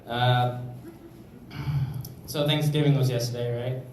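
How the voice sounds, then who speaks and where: A man's voice: mid-range voice, steady tone, slow. A young man doing a stand-up comedy set on a club stage, rambling with lots of fillers. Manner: rambling, filler-heavy delivery. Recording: echoey club room, mic from far off, noisy.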